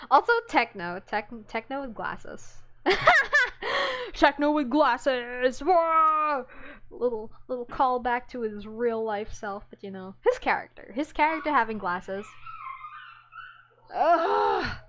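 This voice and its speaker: A woman giving casual reaction commentary as a fan, excitable and rambling, often restarting her words. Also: medium pitch, a little hiss or hum.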